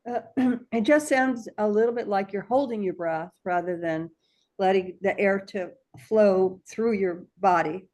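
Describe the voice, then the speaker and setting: A woman's voice: mid-range voice, unhurried, a little mellow. A woman student on a video call, tentatively offering an idea in class.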